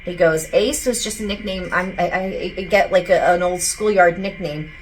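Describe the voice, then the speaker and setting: A woman's voice: on the low side, normal speed, slight background noise, rough recording. A woman working as a psychic medium, talking casually and rambling as she relays what a spirit tells her. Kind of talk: casual channeling session.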